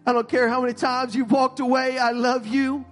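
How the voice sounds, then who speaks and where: A male pastor preaching an impassioned sermon with an altar call, rising to shouts. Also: very high-pitched, little pitch movement, normal speed, faint music behind. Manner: impassioned, rising to shouts, voicing God's words.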